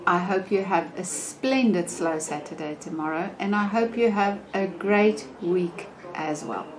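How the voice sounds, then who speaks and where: An older woman hosting a podcast, telling a funny story in a casual, animated way and laughing often. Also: mid-range voice, a little slow, slight background noise. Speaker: podcast host.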